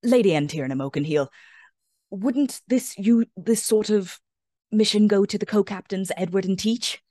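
A woman's voice: medium pitch, moderate pace, mellow, no echo, clean studio sound, voice pushed up, natural voice. A woman doing a flustered goblin man. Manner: flustered, stammering. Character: nervous grumpy male goblin crewman.

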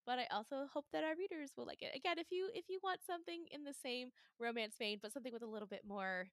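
A young adult woman hosting a casual fandom podcast, animated and laughing often as she acts out her reactions. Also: high voice, fast talker, clean tone, dry recording, clean studio sound. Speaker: podcast host. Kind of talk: casual chat.

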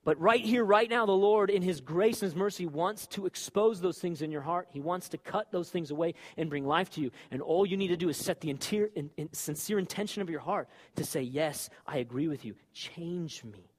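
A man preaching a sermon with fervor, moving from loud exhortation to quiet, confessional talk. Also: high voice, brisk, hardly any pauses.

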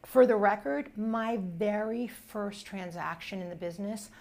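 A woman's voice: mid-range voice, a little slow, a little mellow. A woman in her forties, a real estate agent and team coach, talking emphatically in a casual chat.

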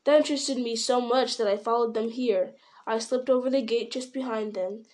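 A woman reading as a weathered, wary ranger who speaks in a measured, grim way, turning sharp when he warns. The voice sits a little high for a man, since the reader keeps close to her own voice. It is a plain audiobook character reading. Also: fairly even intonation, natural voice.

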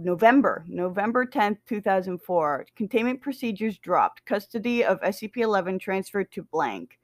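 A woman's voice: mid-range voice, expressive, normal speed, few pauses, dry recording, studio quality. A woman casually reading a document aloud, breaking off for joking, swearing asides and stumbling over dates. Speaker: reader of SCP documents.

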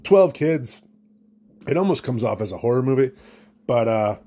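Rambling, jokey young man with a mellow voice. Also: mid-range voice, animated, moderate pace. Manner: jokey, rambling, self-deprecating. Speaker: podcast host. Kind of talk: solo comedic podcast rambling.

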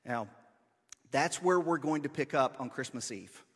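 A pastor giving a relaxed, conversational sermon with asides to his congregation. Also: medium pitch, unhurried, breathy edge. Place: church sanctuary. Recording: long hall reverb.

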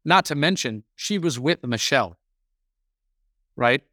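Podcast guy going on and on with a story, average pitch, dry mic. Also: measured pace, no room sound. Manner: rambling storyteller, animated. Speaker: podcast co-host. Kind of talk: casual chat.

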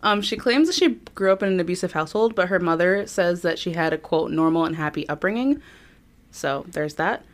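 A woman's voice: fairly low pitch, lively intonation, a little fast. A woman co-hosting a podcast, telling a true crime story from her notes in a chatty way, with frequent ums. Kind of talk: casual chat, reading from notes.

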